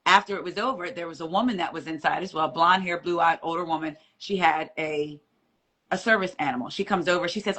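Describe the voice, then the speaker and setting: A woman telling a story on a live stream as a guest courtroom reporter, animated and acting out the voices of the people she quotes. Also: fairly low pitch, fairly quick.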